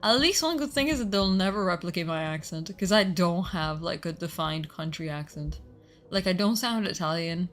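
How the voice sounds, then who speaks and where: Brief: female streamer, casual live chat, slightly low voice, talkative and swears a lot. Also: lively intonation, normal speed, soft background music. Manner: chatty, swears freely, reacts loudly.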